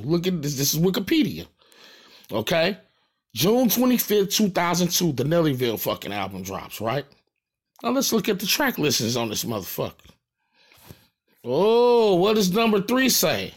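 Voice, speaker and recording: A man's voice: high-pitched, husky. A man from St. Louis with a St. Louis accent, a rapper talking to his fans in a boastful, profane, emphatic monologue. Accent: St. Louis American. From St. Louis, USA.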